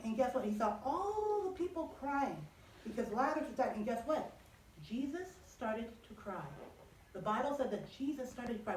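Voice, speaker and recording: A woman teaching children, telling a Bible story in an animated, expressive way and asking them questions. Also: high-pitched, reverberant, far from the mic, rough recording.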